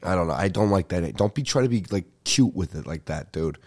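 A young man, telling a comic story as a podcast host in an animated, profane rant. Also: sits low, fairly quick. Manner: animated ranting with frequent profanity. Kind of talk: ranting comedic storytelling.

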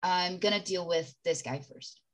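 A woman's voice: fairly low pitch, normal speed. A woman player in a tabletop game, talking in a casual, joking way.

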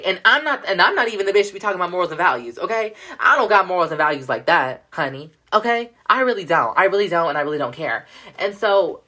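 Low-voiced woman ranting, profane and heated. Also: pushed and bright. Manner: profane, heated, fills every sentence with "like" and "bro". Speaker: podcast host. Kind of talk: casual solo podcast rant.

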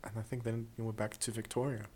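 A man's voice: fairly low pitch, quick pace. Chatty male comedy podcast co-host. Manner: chatty, animated storytelling with playful impressions. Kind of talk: casual comedy podcast chat.

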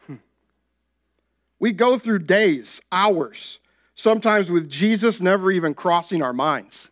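High-voiced man preaching conversationally. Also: expressive, slow, fairly bright tone. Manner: conversational, asks the congregation "right?" often. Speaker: pastor. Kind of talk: sermon.

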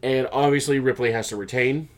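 A man talking casually as a show co-host, recapping events with animated, rambling energy. He fills his speech with likes and restarts, at an ordinary mid pitch. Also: fairly quick. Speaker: podcast co-host. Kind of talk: casual chat.

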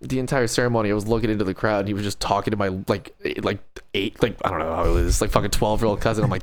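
A young man co-hosting a podcast, telling stories in a casual chat with lots of swearing and animated delivery into a studio mic. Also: lowish voice, very fast, hardly any pauses. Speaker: podcast co-host.

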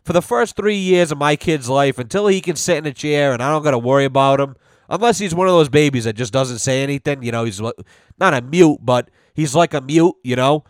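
A man's voice: on the high side, fairly quick, no echo, studio quality. A man ranting bluntly and sarcastically as a podcast host, swearing constantly. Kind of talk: casual profane rant.

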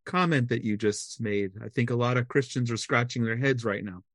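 Man, mid-pitched voice, dry sound, responsive interviewer. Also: brisk, fairly bright tone, no echo. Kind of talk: casual interview conversation.

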